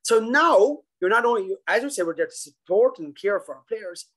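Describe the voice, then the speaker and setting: A man presenting a coaching webinar over a video call, animated and acting out a worried coach's thoughts. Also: high voice, normal speed, low-quality recording. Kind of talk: casual webinar talk.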